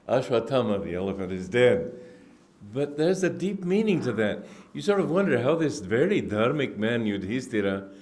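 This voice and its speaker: A man giving a spiritual discourse, telling stories in an unhurried, reflective way with frequent restarts and throat-clearing. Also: medium pitch, a little mellow. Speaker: spiritual teacher. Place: indoor gathering hall.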